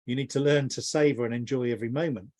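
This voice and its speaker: A man's voice: mid-range voice, steady tone, fast, darkish tone. A middle-aged man, a business mentor, giving a long, thoughtful interview answer with frequent restarts. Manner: rambling, thoughtful, many restarts. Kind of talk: reflective conversational answer.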